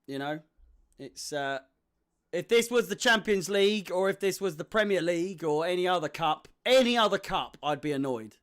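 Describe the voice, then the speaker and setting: A young man hosting a live football watch-along, chatting with viewers and getting excitable at chances. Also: high-pitched, normal speed, smooth. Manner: excitable, shouts and laughs at chances. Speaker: fan watch-along host.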